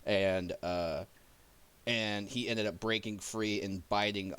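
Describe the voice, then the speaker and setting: A man's voice: fairly low pitch, fairly even intonation, slow pace, fairly bright tone, clean tone. A man narrating as game master in a casual, rambling way, swearing freely.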